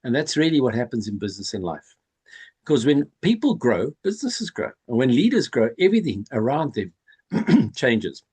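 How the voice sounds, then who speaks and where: A man presenting his leadership coaching business in measured, rhetorical phrases. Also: medium pitch, big pitch swings, darkish tone, husky. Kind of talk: pitch presentation.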